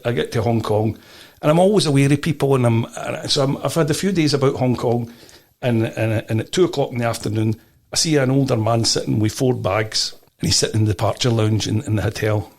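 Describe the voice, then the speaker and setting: A middle-aged Scottish man in a casual interview, telling stories with animated restarts and repeated words. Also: mid-range voice, gravelly. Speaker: podcast guest.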